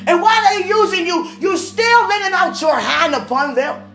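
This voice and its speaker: A high-pitched woman shares a casual faith testimony, swinging between soft musing and loud, emphatic outbursts. Her voice rings in a roomy, echoing space, with music playing behind it. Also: expressive, normal speed, creaky.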